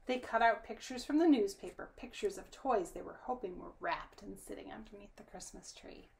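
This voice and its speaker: A woman reading a children's storybook aloud, her narration soft and often dropping to a whisper. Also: mid-range voice, moderate pace, creaky.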